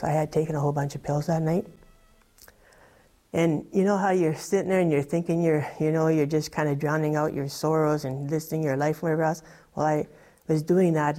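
A woman's voice: low-pitched, mellow. A woman telling her personal testimony in an earnest, rambling way, full of "you know" and "like". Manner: earnest, rambling with many fillers. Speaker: testimony speaker.

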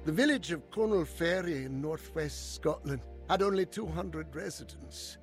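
A man narrating his childhood memories in a calm, reflective storytelling manner. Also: fairly high pitch, moderate pace, music in the background. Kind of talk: scripted memoir narration.

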